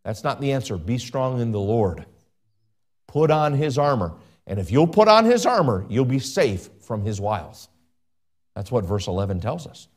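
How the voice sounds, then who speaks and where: A man preaching a sermon as a pastor, emphatic, with big pitch swings and repeated phrases. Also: big pitch swings, moderate pace.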